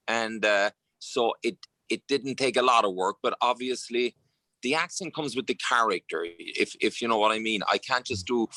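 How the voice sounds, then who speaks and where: An Irish actor chatting casually as an interview guest, telling relaxed stories with plenty of fillers. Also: male voice, mid-range voice, dry recording. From Ireland. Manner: anecdotal, relaxed storytelling with frequent fillers.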